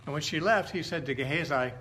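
A middle-aged man retelling Bible stories in an informal teaching style, conversational and halting, often stopping to correct himself. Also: on the high side, a bit bright, a little hiss or hum.

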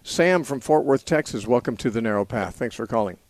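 A man hosting a call-in radio show, answering questions about the Bible in a measured, explanatory way, thinking aloud with small restarts. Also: medium pitch, animated, dry recording. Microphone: studio mic.

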